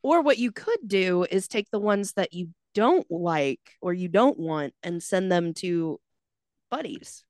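A woman's voice: lowish voice, expressive, slow, darkish tone, no echo. Dry-sounding woman chiming in. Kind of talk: casual crude banter. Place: taproom.

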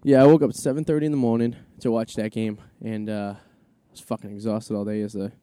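Fast-talking man with a dark voice. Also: on the low side, level tone, dry recording. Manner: profane, joking, rambling sports talk. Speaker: podcast co-host. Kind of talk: casual chat.

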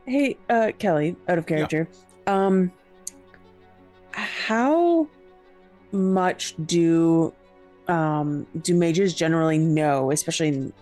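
A woman plays her character at a tabletop game, polite and soft-spoken. She speaks slowly and evenly. Faint music runs underneath. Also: low-pitched. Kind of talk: casual in-character chat.

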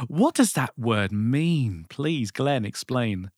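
A man's voice: medium pitch, animated, slow pace, few pauses, a little mellow, dry recording, studio quality. A man hosting a faith podcast, talking in a chatty, rambling way with many fillers. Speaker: podcast host. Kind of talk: casual chat.

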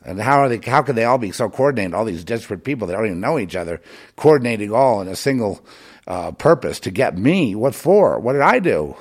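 A man delivering a rambling monologue straight to the listener, with many restarts, swinging between muttering and loud ranting. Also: fairly low pitch, big pitch swings, brisk, slightly rough. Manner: many restarts and repeated words.

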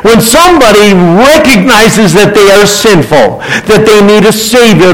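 A man's voice: high-pitched, low-quality recording. A male pastor preaching a sermon, reading scripture and acting out the quoted lines with rising emphasis.

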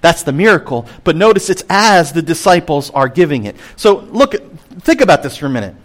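A middle-aged man, a pastor, preaching a sermon with emphatic rises and hushed drops. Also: a little high, fairly quick. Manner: expressive, swings between emphatic and hushed.

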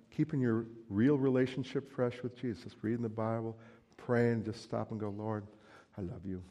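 A man preaching a sermon in a relaxed, conversational way, joking with the congregation and acting out everyday quotes. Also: mid-range voice. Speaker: pastor. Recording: long hall reverb.

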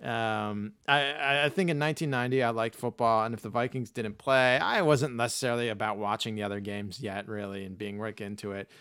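A man's voice: medium pitch, fairly even intonation, fairly quick, hardly any pauses, clear, resonant tone, dry recording, clean studio sound. A man co-hosting a podcast, chatting casually in a rambling, profane way. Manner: profane, rambling, slips into loud mock Boston voices. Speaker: podcast co-host. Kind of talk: casual chat.

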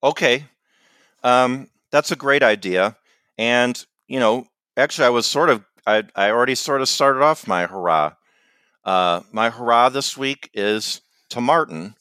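A man's voice: medium pitch, lively intonation, a little slow, pushed and bright, clear, resonant tone, no echo. A man co-hosting a comedy podcast with a meandering, self-deprecating, dry manner in casual banter. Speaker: podcast co-host.

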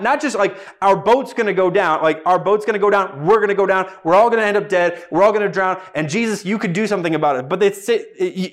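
A man preaching a sermon, hammering points home through repetition and strings of rhetorical questions. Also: high-pitched. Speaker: pastor.

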